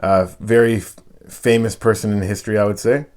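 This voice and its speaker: A man's voice: fairly low pitch, level tone, brisk, a little mellow. A man hosting a podcast, chatting loosely and joking, swearing freely. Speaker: podcast host. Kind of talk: casual chat.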